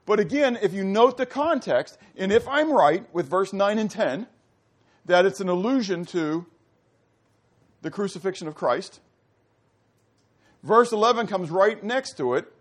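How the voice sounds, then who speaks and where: A man's voice: high-pitched, expressive, a little slow, long pauses. A man preaching a sermon, teaching animatedly and putting questions to his listeners. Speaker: pastor.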